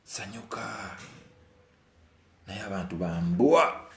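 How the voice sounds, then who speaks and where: In an echoey room, a Ugandan man slowly voices his opinion in a casual monologue, his voice creaky and his intonation fairly even. He hammers phrases through repetition, moving between quiet brooding and angry outbursts.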